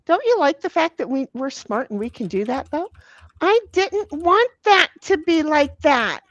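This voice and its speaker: In a muffled recording with no echo, a woman with a high voice and wide pitch swings takes her time as she hosts a livestream. She swears without restraint, laughs a lot, and reads out chat messages during a party game while chatting casually.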